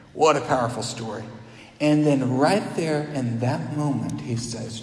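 A man preaching a sermon as the pastor, retelling a scripture story with acted quotes and dropping to a hush at key moments. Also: mid-range voice, a little slow. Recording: echoey hall with long reverb.

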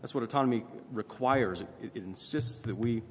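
A man's voice: mid-range voice, fairly quick. A man preaching a sermon in a conversational way, often checking in with "right?" as he goes. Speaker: pastor. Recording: long reverb, faint ambient noise.

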